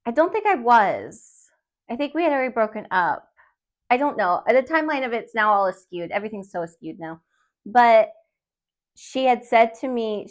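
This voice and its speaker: A woman hosting a podcast, telling a story in a rambling, self-conscious way with nervous laughs. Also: mid-range voice. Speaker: podcast host. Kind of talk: casual solo podcast storytelling. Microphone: studio podcast mic.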